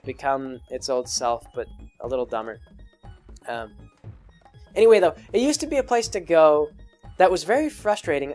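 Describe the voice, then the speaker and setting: Give me a video creator casually answering fan questions, rambling with fillers, over faint background music. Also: mid-range voice. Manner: rambling, many fillers and restarts; acts out quoted people in a raised voice. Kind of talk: casual Q&A monologue.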